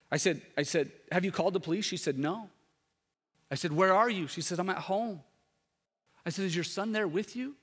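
A man preaching as a pastor, swinging from loud rhetorical questions to hushed, intimate tones. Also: high voice, moderate pace, slightly rough, big-room sound. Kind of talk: sermon. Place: church sanctuary.

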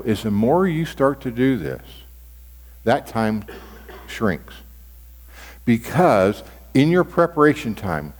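A man teaching as a pastor in a conversational sermon style, often restarting and repeating his phrases. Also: mid-range voice. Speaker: pastor teaching on devotional reading. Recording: long reverb of a large hall.

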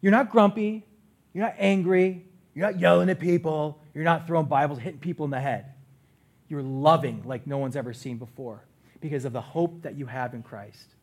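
A middle-aged man, a pastor, preaching a sermon on a church stage, swinging from loud bursts to quiet asides. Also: a little high, moderate pace.

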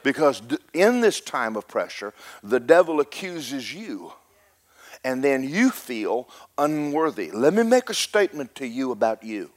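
Preaching to his congregation, a middle-aged male pastor climbs to a loud, rhythmic climax while tossing in jokes along the way. He speaks unhurriedly at medium pitch, with big swings in pitch.

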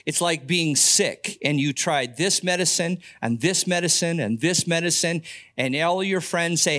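Older man, pastor, sermon, slow measured pace, somewhat high voice, earnest, folksy. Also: a bit bright.

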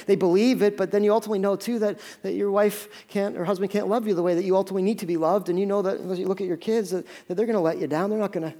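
Earnest high-voiced male pastor preaching. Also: a little mellow. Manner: earnest, conversational preaching with dramatic pauses. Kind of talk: sermon.

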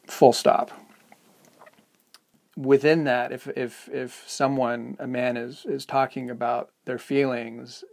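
A man's voice: mid-range voice, vocal fry. A man co-hosting a podcast, speaking candidly and hesitantly, often searching for words in a reflective conversation. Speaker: podcast co-host.

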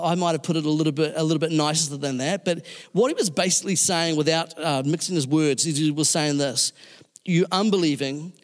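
A man delivers a sermon in a loose, chatty way, restarting phrases and filling pauses. His voice sits a bit high for a man. The sound carries a long reverb from a church hall. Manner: conversational, with many fillers and restarts. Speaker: pastor.

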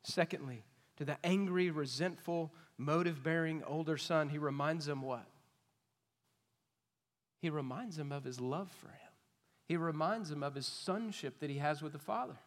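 A man preaching an expository sermon, emphatic and questioning, swinging between loud points and hushed asides. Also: a little high, normal speed. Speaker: pastor. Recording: long reverb of a large hall.

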